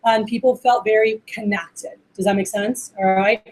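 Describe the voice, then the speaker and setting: A woman leading a live training workshop for a group, talking in an animated way, acting out phone calls and often checking in with "all right?". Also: mid-range voice, moderate pace, a little hiss or hum.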